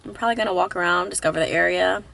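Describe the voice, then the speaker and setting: This travel vlogger speaks very fast in a lowish, gravelly voice with a fairly bright tone. Upbeat and self-narrating, she chats to the camera while driving and exploring, captured in her car and outside by a dash camera and a handheld camera.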